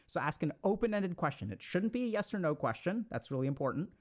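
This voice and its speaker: A man giving casual motivational advice in an animated, coaching way with slangy asides. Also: high voice, fast, hardly any pauses. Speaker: self-help speaker.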